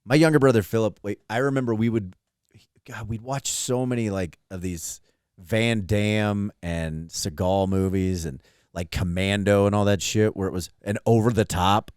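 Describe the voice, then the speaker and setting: A man's voice: lowish voice, moderate pace, clean tone, no echo, studio quality. A young man co-hosting a podcast, telling stories casually with lots of swearing and acted-out quotes. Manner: animated storytelling, swearing, acts out quotes. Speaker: podcast co-host. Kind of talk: casual chat.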